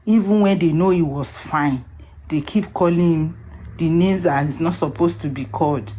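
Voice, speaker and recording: A woman's voice: low voice, moderate pace, dark tone, slight background noise. A woman calling in, emotional and near tears, speaking earnestly and pleadingly.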